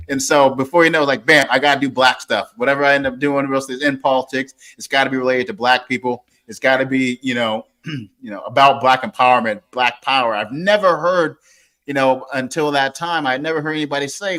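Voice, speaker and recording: Guest author, man in his 40s, crisp forceful tone, rambling casual talker. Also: medium pitch, a little fast. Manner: rambling, lots of fillers and restarts. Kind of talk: casual interview talk.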